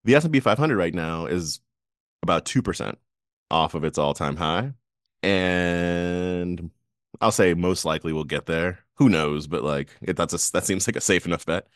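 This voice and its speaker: Male podcast co-host, low voice, dry close sound, loose and laughing, rambles through restarts. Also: moderate pace, no room sound. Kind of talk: casual finance chat.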